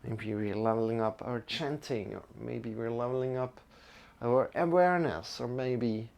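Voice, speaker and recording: A man teaching a live-streamed yoga class, talking in an unhurried, reflective way and greeting viewers by name, with slightly non-native phrasing. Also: medium pitch, gravelly, darkish tone.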